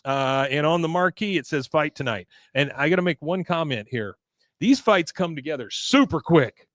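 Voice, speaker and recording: A man's voice: on the high side, normal speed, no echo. A man co-hosting a podcast, casually recapping a cartoon episode and acting out the characters' lines. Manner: retells scenes with animated quoted voices. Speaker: podcast co-host.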